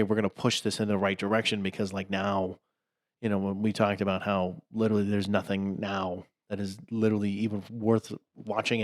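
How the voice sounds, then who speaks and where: A man's voice: fairly low pitch, no room sound, clean studio sound. A man co-hosting a podcast who talks casually and rambles, with lots of "like" and "you know" fillers. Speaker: podcast co-host.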